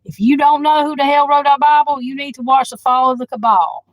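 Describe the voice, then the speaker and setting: A woman tarot reader chatting casually to her livestream viewers, blunt and outspoken, swearing freely and quick to flare up at the chat. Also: sits high, flat delivery, no echo, rough recording.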